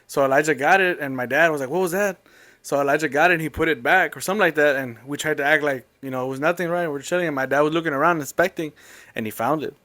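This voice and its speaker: A man telling a long family story in a casual, rambling, animated way. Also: fairly high pitch, fast talker.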